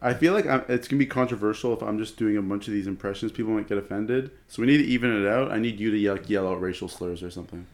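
A man's voice: fairly low pitch, very fast, hardly any pauses. A young man co-hosting a casual podcast, joking around and slipping into silly accent impressions. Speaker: podcast co-host.

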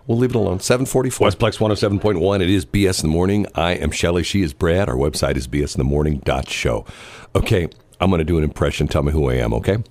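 A man's voice: sits low, quick pace, a little mellow, no room sound. A man hosting a radio morning show in a studio, chatting casually and rambling with lots of restarts and fillers. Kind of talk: casual on-air banter.

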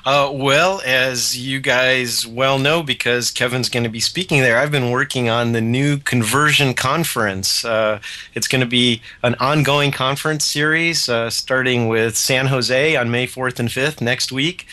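A man interviewed as a radio guest, chairing a conference, brisk and self-deprecating as he lists his points. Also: mid-range voice, sharp tone.

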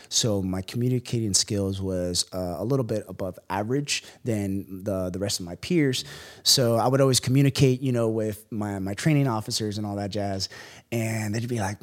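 A man in his thirties from the Bay Area, telling stories from his past as a guest in a podcast interview, animated and full of slang. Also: fairly low pitch, moderate pace. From Bay Area, California. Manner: animated storytelling with slang and laughs. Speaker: guest, business owner and former police officer.

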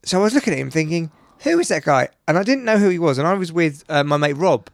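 A man's voice: a little high, expressive, fast, creaky, no room sound. Man, podcast host; blunt, sweary storyteller, dry close mic. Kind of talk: casual chat.

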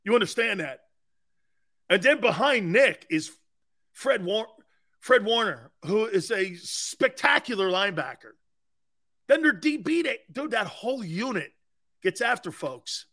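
A man hosting a sports talk show in a high, bright, punchy voice. He talks brash and emphatic, tosses in "man" and "dude", and laughs at his own points. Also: animated, a little slow, long pauses. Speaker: sports radio host. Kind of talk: sports talk radio, reacting to callers.

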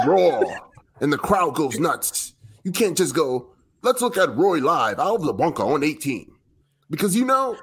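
A man's voice: on the high side, a bit bright, breathy edge, heavily acted. A man putting on an exaggerated, wobbly British accent to read a quote aloud for comic effect, throwing in stock British words. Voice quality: wobbly accent drifting toward New York. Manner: hammy, playful, throws in "cheerio" and "oi". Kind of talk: comic read of a quote on a sports radio show.

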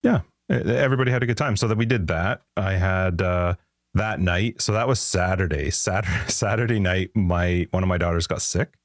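A man's voice: deep voice, moderate pace, no room sound, clean studio sound. A man hosting a podcast, telling rambling anecdotes in casual chat and laughing often. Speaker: podcast host.

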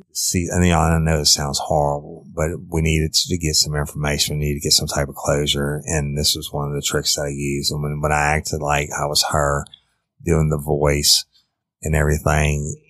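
Ex-detective, deep voice with a flat delivery, blunt and profane, matter-of-fact storyteller. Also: male voice, dry recording. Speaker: former police detective. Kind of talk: storytelling in an interview.

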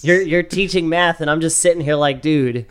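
Male podcast co-host, slightly high pitch, sarcastic crude banter. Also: fairly even intonation, brisk, a bit bright, clean tone. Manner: sarcastic, jokey asides. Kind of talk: casual crude comedy chat.

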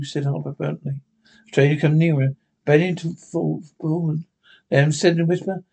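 A man reading a classic story aloud in an unhurried way, with occasional stumbles. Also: a little high, level tone, vocal fry, darkish tone, slightly rough. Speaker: narrator.

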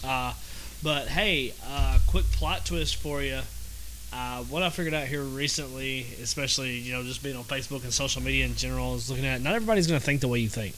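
A man's voice: medium pitch, fairly quick, a bit bright, slight background noise, poor audio. A man with a Southern American accent hosting a podcast in a casual, rambling monologue, repeating himself and using lots of fillers. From Southern United States. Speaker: podcast host.

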